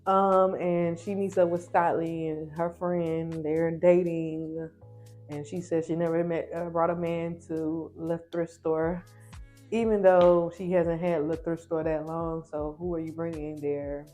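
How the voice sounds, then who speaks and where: A chatty woman with a lowish voice gives an opinionated, fast recap of a reality TV episode. Faint music plays behind her. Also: level tone, dark tone.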